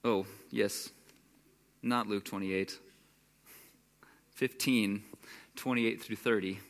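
A young pastor with a lowish, fairly even voice and vocal fry speaks slowly, delivering a conversational sermon. He sometimes acts out the voices of the people in his story.

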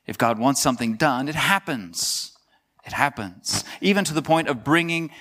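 Guy preaching, chatty with little jokes, slows way down to hit the big points. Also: a little high, a bit bright. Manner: conversational, joking asides; emphatic, slows for key phrases. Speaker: pastor. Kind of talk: sermon.

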